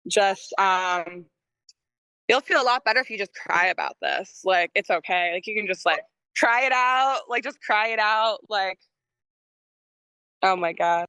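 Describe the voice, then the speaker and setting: A woman's voice: mid-range voice, measured pace, long pauses, pushed and bright, clean tone, dry recording, low-quality recording. A young woman musician, a guest on a podcast, chatting casually and rambling with lots of "like" and frequent laughter. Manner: rambling, heavy use of "like", laughs often.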